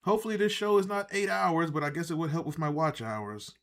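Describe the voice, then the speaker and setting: A man with a somewhat high voice rants through a casual live reaction stream. He is sarcastic and swears freely, drifting off into rambling asides. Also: fairly quick, fairly bright tone. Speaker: livestream host reacting to wrestling.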